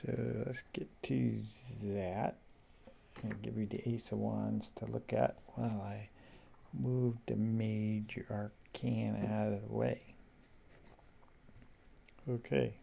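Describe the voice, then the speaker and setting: A man slowly flipping through a tarot deck, musing aloud to himself in a casual, rambling way. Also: on the low side, gravelly, warm tone, husky. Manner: slow, musing, talks to himself. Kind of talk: casual flip-through commentary.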